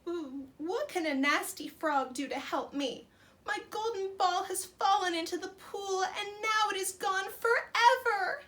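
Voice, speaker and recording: A woman voicing a spoiled, vain young princess who wails in a high, loud storybook voice. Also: lively intonation, a little fast, close to an everyday voice. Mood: wailing distress.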